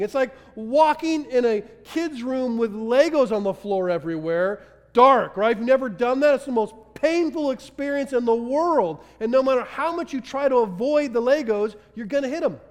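A man preaching a sermon with passion, moving between loud urgency and hushed intensity. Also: very high voice, moderate pace. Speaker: pastor. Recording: long hall reverb.

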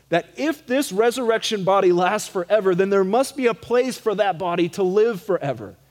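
Middle-aged male pastor, high voice, relaxed conversational sermon with a self-deprecating edge, church live stream with long reverb. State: some gray hair. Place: church sanctuary.

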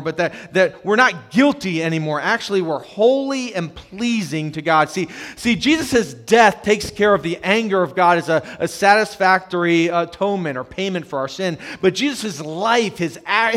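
A young adult man preaching a sermon, swinging between loud emphatic passages and hushed quiet ones. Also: high-pitched. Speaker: pastor.

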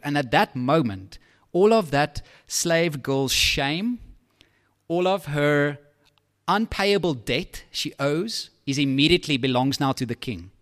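A man preaching a sermon in a lively, conversational way, with asides to his listeners. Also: fairly high pitch, unhurried.

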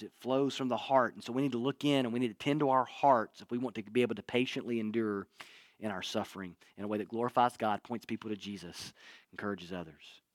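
A male pastor preaching a sermon in an earnest way, repeating key phrases and dropping his voice low for emphasis. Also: no echo, clean studio sound.

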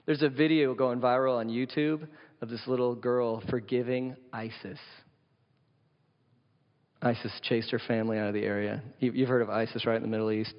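A male pastor preaches a sermon in a church sanctuary, speaking conversationally and often putting questions to the congregation. His mid-range voice moves little in pitch and keeps a normal speed. The recording has long hall reverb and a dull, lo-fi sound.

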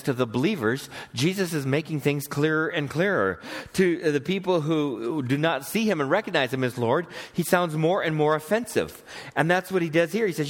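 A middle-aged male pastor preaching a sermon in church in a conversational way, quoting scripture and putting questions to the congregation. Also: fairly high pitch. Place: church sanctuary.

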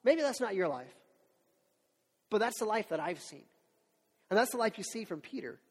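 A man preaching a sermon in a casual, animated storytelling way, as a pastor. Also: sits high. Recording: long hall reverb.

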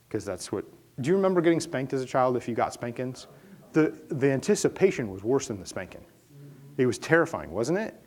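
A middle-aged man preaches a sermon in an earnest, conversational way. His pitch sits in a typical male range. At the high points he climbs into a louder, raised voice for emphasis. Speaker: pastor.

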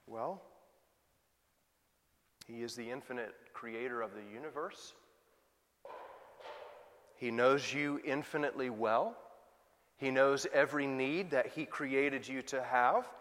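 A male pastor preaching a sermon, moving from loud emphatic questions to soft, quiet asides. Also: mid-range voice, slow, pauses often, big-room sound.

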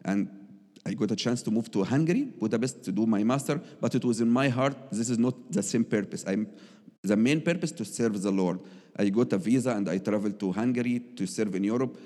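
Man, low pitch, mellow dark tone, earnest testimony, broken English, long hall reverb. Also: fairly quick. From Egypt. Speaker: missionary sharing his testimony. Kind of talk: personal testimony.

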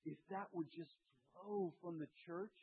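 A middle-aged man preaching a sermon as pastor, lively and acting out voices of the people in his story. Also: high-pitched, measured pace, husky. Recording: tinny phone-like sound.

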